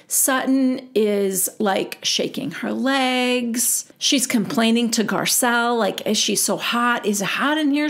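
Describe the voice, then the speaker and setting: A woman's voice: mid-range voice, creaky. A woman hosting her own recap show, chatting casually and retelling reality TV gossip by quoting the cast in her own voice.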